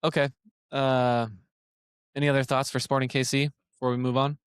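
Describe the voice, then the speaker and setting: A man's voice: medium pitch, flat delivery, normal speed, clean tone, no echo. An American man hosts a soccer podcast in casual chat and moves it from one topic to the next. He teases his co-hosts along the way. His voice sits in a middle range and sounds close and dry. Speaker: podcast host.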